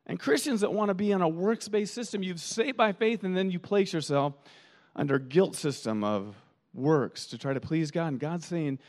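A man's voice: a little high, normal speed. A man pastor preaching a sermon, telling stories animatedly and often repeating words as he thinks. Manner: animated storytelling with quoted voices.

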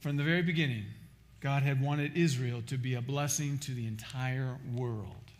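A man's voice: mid-range voice, fairly even intonation, moderate pace. A man preaching a sermon as pastor, emphatic, often restarting and repeating words.

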